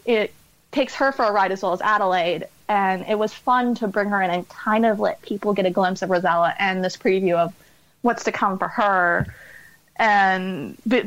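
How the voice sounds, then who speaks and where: Interviewed as an author guest on a podcast, a woman with a mid-range voice chats casually, laughs often and pokes fun at herself. The low-quality recording has no room sound.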